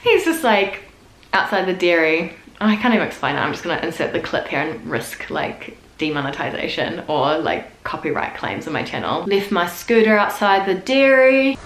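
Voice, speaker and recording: A young woman with a New Zealand accent chats through local slang in a relaxed vlog. Her voice sits a little low for a woman. The room around her is echoey. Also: moderate pace, slight background noise. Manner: chatty, acts out sayings in a lively put-on voice. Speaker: vlogger. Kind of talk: casual explainer vlog.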